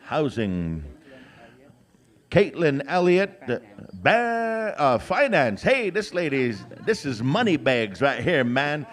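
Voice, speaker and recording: A man's voice: on the high side, sing-song, slow pace. A man emceeing a powwow outdoors, drawing out names as he announces them, with frequent "uh" fillers and joking asides. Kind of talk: live announcing with jokes.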